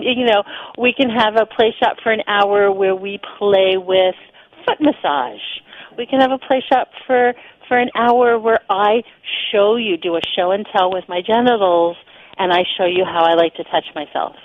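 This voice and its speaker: A woman, a guest sexuality teacher, explaining ideas in a relaxed conversational way during a radio interview, with fillers and restarts. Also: medium pitch, moderate pace, dry recording. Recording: slightly dull lo-fi radio audio.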